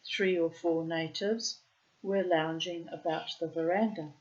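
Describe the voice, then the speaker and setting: A woman reading a short story aloud in a measured storytelling manner. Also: fairly low pitch, steady tone, a little mellow, highs cut off. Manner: measured, unhurried storytelling with quoted dialogue. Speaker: reader. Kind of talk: audiobook narration of a short story.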